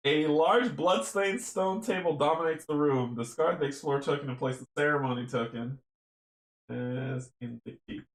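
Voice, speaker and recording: A man's voice: fairly high pitch, unhurried. A man playing a board game solo, reading the game text aloud and chatting to himself with chuckles. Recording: roomy echo.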